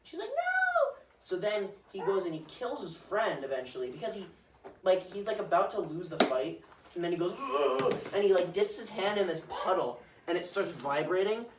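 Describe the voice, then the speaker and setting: A man's voice: sits high, a little fast, recorded from a distance. A young man rambling through a casual movie recap on a podcast, full of "like"s and silly acted-out quotes. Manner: rambling with many "like"s, acting out quotes in silly voices. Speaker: podcast co-host. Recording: roomy, off-mic, faint hiss.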